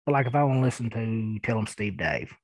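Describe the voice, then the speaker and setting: A man in his thirties with a thick Eastern Kentucky accent hosts a podcast, chuckling and rambling as he answers listener emails in casual chat. His voice sits on the low side, expressive and a little mellow, with halting fillers and no room sound.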